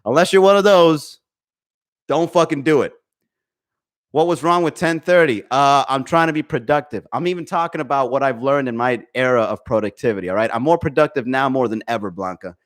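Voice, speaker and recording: A man's voice: medium pitch, brisk. A man hosting a live comedy podcast, ranting profanely and greeting chat viewers by name. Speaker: podcast host. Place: home. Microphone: desk microphone.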